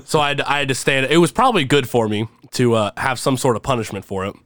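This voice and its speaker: A man's voice: medium pitch, lively intonation, quick pace, a bit bright, slight background noise. A young man telling rambling, laugh-filled stories as a guest on a casual podcast. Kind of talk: casual storytelling chat.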